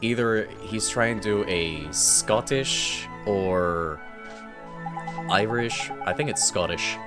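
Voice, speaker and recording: A man giving casual, low-key commentary while playing through a game, with musing asides. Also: takes it slowly. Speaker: gaming video host. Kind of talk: casual let's-play commentary. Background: game music.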